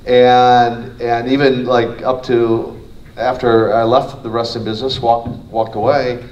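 A man's voice: medium pitch, little pitch movement, measured pace, a little mellow, muffled recording. Guy rambling in an interview, lots of restarts, echoey room, mic a ways off. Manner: rambling, with many restarts and fillers. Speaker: guest, former wrestler. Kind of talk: casual interview. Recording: roomy, distant mic, faint noise.

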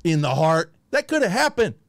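A man's voice: fairly high pitch, very animated, normal speed. Combative profane male debate host. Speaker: stream host. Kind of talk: heated debate commentary.

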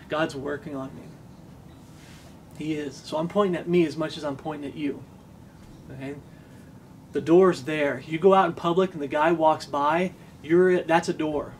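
Earnest preaching man, slightly high voice. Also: a little hiss or hum. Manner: earnest, emphatic, repeats lines for stress. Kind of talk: sermon.

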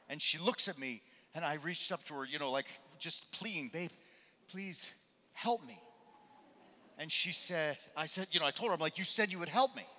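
A man preaching a sermon as a pastor, telling a personal story in an animated, conversational way. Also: on the high side. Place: church. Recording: long reverb of a church hall.

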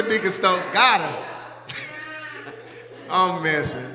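A man's voice: sits high, takes it slowly, sharp tone. A male pastor, praying and then preaching a sermon, teasing church members by name and stretching out scripture lines for emphasis. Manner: playful, teasing the congregation by name. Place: church sanctuary. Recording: echoey church hall with long reverb.

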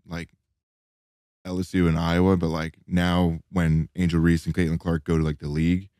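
Man with a very deep, flat voice, hesitant casual chat, dry sound. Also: normal speed, dry recording.

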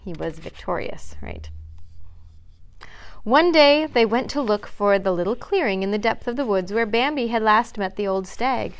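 A woman librarian reading a chapter book aloud to children in a library, with expressive storytelling. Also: mid-range voice, normal speed, clean tone. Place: public library.

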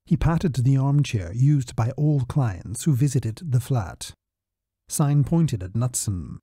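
Warm, husky male audiobook narrator. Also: mid-range voice, slow, no room sound, clean studio sound. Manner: steady storytelling. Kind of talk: scripted narration.

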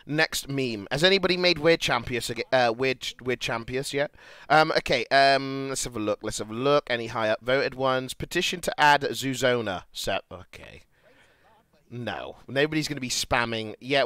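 A young man with a British accent, streaming and reacting to posts in crude, casual chat, laughing loudly and muttering as he reads. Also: mid-range voice, clear, resonant tone, no echo.

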